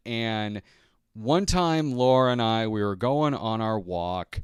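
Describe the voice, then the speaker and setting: Male podcast host, low and smooth, casual rambling storyteller with chuckles. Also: expressive, takes it slowly, dry recording, clean studio sound. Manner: rambling, chuckling, acts out others' lines.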